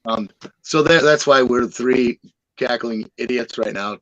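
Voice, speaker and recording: A man's voice: mid-range voice, unhurried, highs cut off. A man co-hosting a casual podcast, easygoing and self-mocking. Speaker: podcast co-host.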